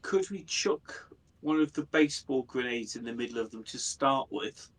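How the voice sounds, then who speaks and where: A man playing a tabletop game, polite and measured in how he asks things. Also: mid-range voice, lively intonation. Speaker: player. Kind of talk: tabletop role-play banter.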